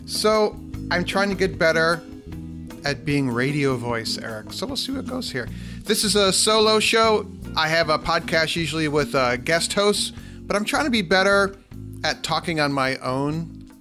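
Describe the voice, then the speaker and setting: A man hosts a solo podcast from his desk, chatting casually into a microphone with a bright, forceful tone. He is a little self-deprecating and fills pauses with ums. His voice sits a bit high for a man, with faint music behind him. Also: clean tone. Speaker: podcast host. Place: home desk with computer. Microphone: studio microphone.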